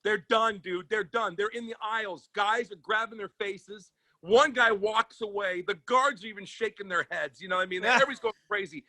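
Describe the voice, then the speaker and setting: A man, a comedian and sports agent, telling an animated, profane story as a podcast guest. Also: high voice, fairly quick, hardly any pauses.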